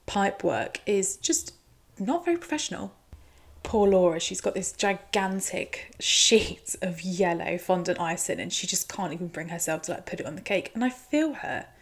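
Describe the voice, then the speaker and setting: A woman's voice: on the low side, moderate pace. A woman giving a chatty, teasing recap commentary. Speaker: show recap host.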